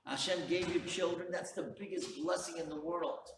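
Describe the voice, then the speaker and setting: Earnest rabbi preaching in a roomy hall. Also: male voice, a little high, little pitch movement, moderate pace. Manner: earnest storyteller, direct appeals. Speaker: rabbi, lecturer. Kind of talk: sermon to a live audience. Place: event hall. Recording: roomy hall, distant mic, faint hum.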